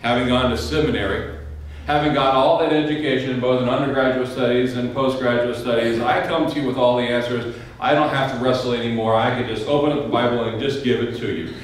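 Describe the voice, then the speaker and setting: A man preaching a sermon as a pastor, telling a joke story with a dry, wry humor and halting, repeated starts. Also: medium pitch, fairly even intonation, a little hiss or hum. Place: church sanctuary. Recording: echoey church room from a distant mic with faint ambience.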